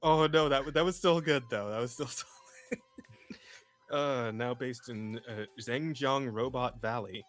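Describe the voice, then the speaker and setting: A man's voice: mid-range voice, unhurried. A man co-hosting a podcast, chatting casually and profanely as he reacts to videos, often laughing. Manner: profane, laughing, loose rambling. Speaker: podcast co-host.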